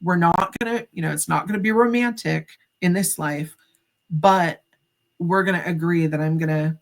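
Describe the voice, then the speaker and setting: Fairly low in pitch and moderate in pace, the voice belongs to a middle-aged psychic medium guesting on a podcast. She tells her story animatedly, acting out what people said and peppering it with casual "like" fillers.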